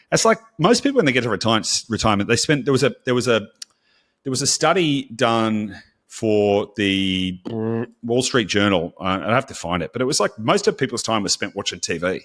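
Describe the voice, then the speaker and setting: A man's voice: on the low side, quick pace. Blunt man chatting on a podcast. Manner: blunt, animated, swears freely. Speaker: podcast co-host. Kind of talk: casual podcast chat.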